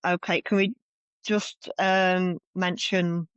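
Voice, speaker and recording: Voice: mid-range voice, level tone, slow pace, fairly bright tone, clean tone, no echo, highs cut off. A co-host from North West England on a political podcast, chatting casually with dry, sarcastic asides.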